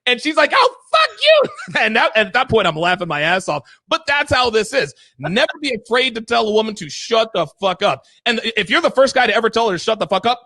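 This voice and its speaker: A man's voice: high-pitched, lively intonation, fast talker, hardly any pauses, pushed and bright, no room sound. A man hosting a talk show, telling stories in a blunt, emphatic, profane way. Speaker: podcast host. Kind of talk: casual chat.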